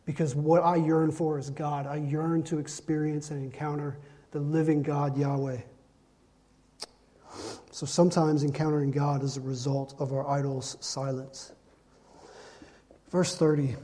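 A man's voice: fairly high pitch, level tone, unhurried, long pauses, warm tone. A man preaching a sermon, emphatic and repeating lines to drive his points home. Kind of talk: sermon with Bible reading.

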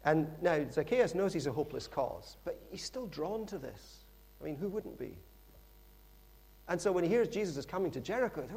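A middle-aged man preaching a sermon in a lively, conversational storytelling manner with frequent asides. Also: high voice, fast, creaky, breathy edge.

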